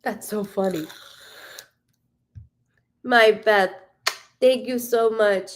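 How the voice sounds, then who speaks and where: A woman's voice: mid-range voice, steady tone, drawn-out words. Chatty, foul-mouthed woman medium. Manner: chatty, swears freely; warm, greets viewers by name. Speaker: psychic medium hosting a live stream. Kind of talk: casual live-stream chat with viewers.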